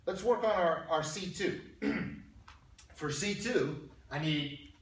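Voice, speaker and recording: A man's voice: on the high side, animated, slow. A male math instructor giving a casual classroom lecture, talking conversationally, repeating himself and quizzing his students. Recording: roomy, distant classroom recording with faint noise.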